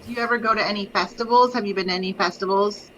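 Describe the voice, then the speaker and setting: Bright, enthusiastic female podcast co-host. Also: mid-range voice, fairly even intonation, rapid-fire, slight background noise, poor audio. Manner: enthusiastic, chatty. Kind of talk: casual interview chat.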